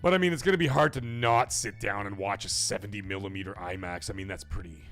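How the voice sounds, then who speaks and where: A man from Canada hosting a casual livestream podcast, reading viewer messages aloud. He rambles, swears freely, and his energy swings between high and low. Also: fast talker, a bit bright, soft background music.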